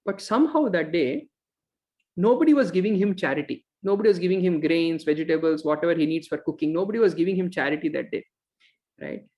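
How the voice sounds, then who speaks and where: A man teaching a scripture class, telling a devotional story with pauses and fillers and acting out the characters' lines. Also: high-pitched, darkish tone. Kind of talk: storytelling lecture. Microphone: online course recording.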